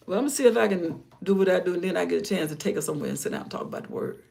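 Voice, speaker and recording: An older grandmother hosting a live stream, talking in a rambling, casual way about her day and her faith, often sinking into soft murmurs. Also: on the low side, rapid-fire, gravelly. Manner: rambling, warm-hearted, drifts into soft murmurs. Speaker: livestream host.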